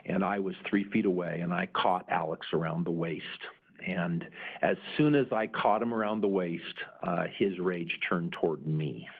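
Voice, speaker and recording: Middle-aged male presenter, earnest storyteller, deep and husky, thin phone-like recording. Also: moderate pace. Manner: earnest, frequent "uh" fillers. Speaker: conference presenter. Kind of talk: storytelling talk. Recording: narrow phone-like sound.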